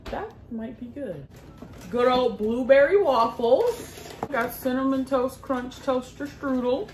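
A woman's voice: high voice, lively intonation, slow pace, darkish tone. Chatty woman in an echoey kitchen. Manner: chatty, laughs easily, drawls product names. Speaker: vlogger. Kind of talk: casual grocery haul chat. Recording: echoey room with noise.

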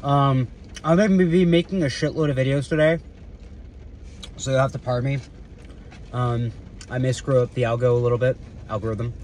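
A man's voice: medium pitch, steady tone, moderate pace, pauses often, a little mellow, a little hiss or hum. A man filming a casual vlog from around his car, rambling with lots of fillers, restarts and casual swearing. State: eating while talking. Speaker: security guard vlogger.

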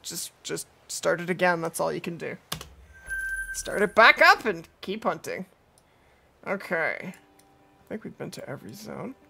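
Lively chatty woman streaming a game. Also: lowish voice, measured pace, creaky, long pauses, slight background noise. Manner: chatty, talks to viewers and her cat, laughs easily. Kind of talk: casual live-stream chat over gameplay. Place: at home.

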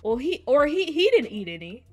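A woman hosting a gaming video, chatting casually to viewers and reading game text aloud in an expressive way. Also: high-pitched, moderate pace, soft background music. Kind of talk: casual let's-play commentary to viewers.

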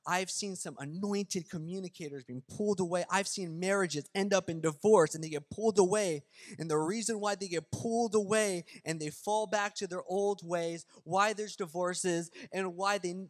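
A man's voice: sits high, moderate pace. Impassioned male pastor in a reverberant sanctuary. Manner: animated preaching, swings from loud to hushed; casual, addresses crowd as y'all. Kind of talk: sermon. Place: church sanctuary. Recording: long hall reverb, faint music.

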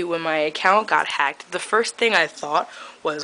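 Chatty young woman with a low, bright voice. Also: a little slow, slight background noise, rough recording. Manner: chatty, filler-heavy, laughs often, sarcastic. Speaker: vlogger. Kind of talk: casual vlog rant.

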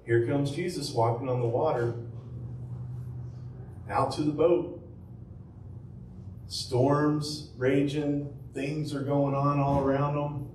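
A man's voice: mid-range voice, level tone, slow, long pauses, a little mellow, a little hiss or hum. A man preaching as pastor, telling the story conversationally with rhetorical questions and fillers. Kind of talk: sermon. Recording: echoey room from far off with faint ambience.

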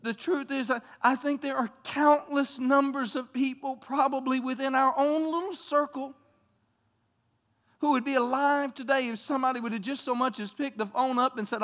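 A man's voice: very high-pitched, steady tone, normal speed, a bit bright. A man preaching a passionate sermon as pastor in a church, often repeating words as he builds. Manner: impassioned preaching with frequent word repeats.

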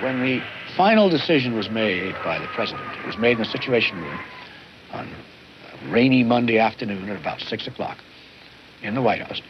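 A former official recalling events in a documentary interview, deliberate and hesitant, pausing often. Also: male voice, on the low side, big pitch swings, a little hiss or hum. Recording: muffled archive documentary audio.

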